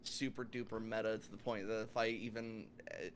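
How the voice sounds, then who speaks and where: A man's voice: fairly low pitch, level tone, fairly quick, a little hiss or hum. A man co-hosting a casual film review podcast, rambling with lots of fillers and swearing. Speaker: podcast co-host.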